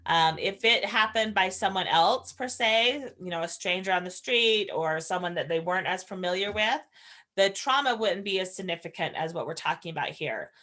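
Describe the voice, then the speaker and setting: Low-voiced woman teaching a training class. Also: lively intonation, normal speed, pushed and bright. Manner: earnest, explanatory, shares personal stories. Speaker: foster parent trainer. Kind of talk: conversational training lecture.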